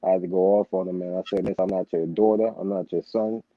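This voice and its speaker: A man's voice: sits low, fast talker, no room sound. A young man, telling a story about his boss in casual, profane chat and acting out the heated exchange. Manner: profane, animated storytelling with quoted outbursts. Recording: dull, lo-fi sound.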